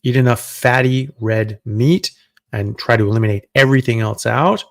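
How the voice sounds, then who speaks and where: A man's voice: medium pitch, normal speed, vocal fry, dry recording. A middle-aged man, a doctor hosting a live Q&A, answering viewer questions in a loose, conversational way as he thinks aloud.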